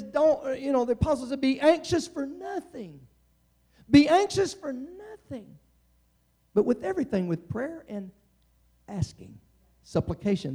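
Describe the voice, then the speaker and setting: Middle-aged man preaching casually with frequent restarts, gravelly, warm-toned voice. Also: high-pitched. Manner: conversational, frequent restarts and stammers. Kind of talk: sermon.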